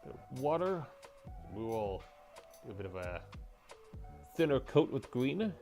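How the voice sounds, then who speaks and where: A man's voice: mid-range voice, big pitch swings, unhurried, darkish tone, soft background music. A young man livestreaming as he paints miniatures, rambling and joking with his chat.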